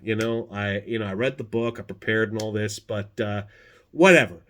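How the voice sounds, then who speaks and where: A man's voice: fairly low pitch, fairly quick. Profane man telling a wild anecdote. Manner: profane, animated, self-interrupting. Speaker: storyteller, former podcast host. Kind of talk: casual spoken anecdote.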